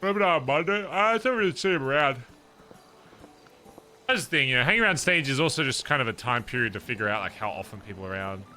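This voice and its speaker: A man's voice: mid-range voice, lively intonation, quick pace, bright, forceful tone, soft background music. An English man streaming a roleplay game, rambling and joking at himself with his viewers. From England. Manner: rambling, self-mocking, laughs at own remarks. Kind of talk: casual chat to stream viewers.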